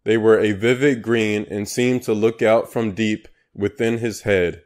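A man's voice: lowish voice, fairly even intonation, measured pace, darkish tone. A man narrating an audiobook in a dry, matter-of-fact manner. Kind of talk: scripted narration.

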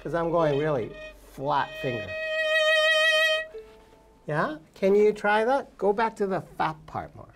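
A woman's voice: fairly low pitch, measured pace, pauses often, over music. A woman giving a violin masterclass, encouraging her student in short coaching phrases and humming passages to show how they go. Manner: hums and sings phrases to demonstrate. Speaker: violin teacher. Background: violin playing.

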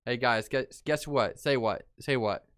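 A man reacting to memes in casual chat, loud and exclamatory, swearing and laughing often. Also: medium pitch, unhurried, clean tone. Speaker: meme reaction host.

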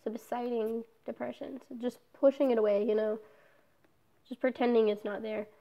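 A woman's voice: on the high side, flat delivery, moderate pace, highs cut off. A young woman in a casual personal vlog, talking candidly, swearing often and trailing off with fillers. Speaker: vlogger.

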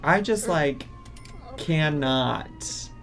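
Gravelly exasperated man ranting over gameplay. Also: a little high, expressive, extremely slow, fairly bright tone, soft background music. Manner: exasperated, ranting at game characters. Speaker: gaming streamer. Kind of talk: casual gameplay commentary.

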